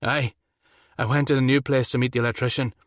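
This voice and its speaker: A man's voice: medium pitch, flat delivery, fast, dry recording, clean studio sound, pitched above the performer's own voice, natural voice. A man voicing a desperate husband, speaking in a shaky, breathless way. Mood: frantic.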